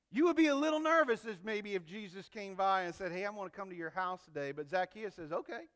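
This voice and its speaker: Pastor, male, high and bright-toned, lively conversational preaching with acted-out quotes. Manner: animated, acts out quoted voices. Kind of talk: sermon.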